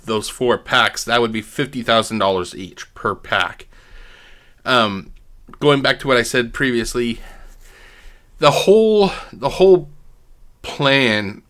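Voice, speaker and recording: Male host, bright voice, loose profane off-the-cuff commentary. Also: mid-range voice. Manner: rambling, profane, thinking aloud. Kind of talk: casual commentary.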